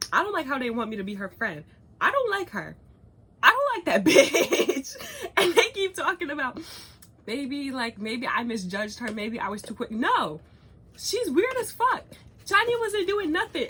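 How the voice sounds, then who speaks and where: A young woman vlogging in casual chat, animated, swearing freely and laughing often as she rambles. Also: on the high side. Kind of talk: casual chat, cookie review and gossip.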